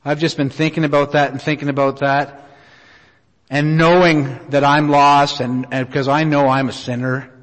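A middle-aged man preaching a sermon, telling a personal story in an earnest, unhurried way with many pauses. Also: a little high, level tone. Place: church auditorium. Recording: reverberant hall.

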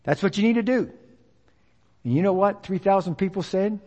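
High-voiced preacher in a reverberant church. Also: male voice, moderate pace, darkish tone. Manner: emphatic, repetitive call-and-response preaching. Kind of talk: sermon.

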